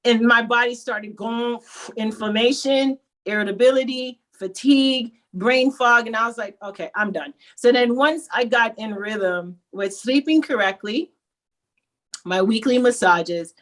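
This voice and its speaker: A woman guest telling her own story in a candid, animated, conversational way. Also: on the high side, measured pace. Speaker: program client and guest.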